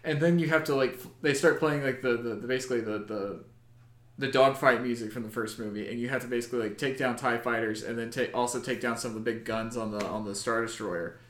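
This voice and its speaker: A man in casual conversation, excitable and profane, talking with lots of fillers. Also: medium pitch, fast, roomy sound. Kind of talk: casual chat.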